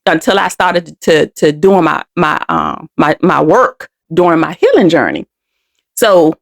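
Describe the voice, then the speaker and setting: Gravelly middle-aged woman telling her story. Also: mid-range voice, expressive, normal speed. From Washington DC, United States. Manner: candid, emotional, often restarts and repeats words. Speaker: podcast host. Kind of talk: personal storytelling monologue.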